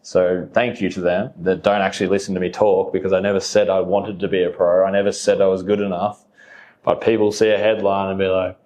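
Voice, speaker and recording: A man's voice: deep voice, a little mellow. A young Australian man talking casually as a podcast guest, rambling with lots of fillers and laughing often. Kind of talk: casual conversation.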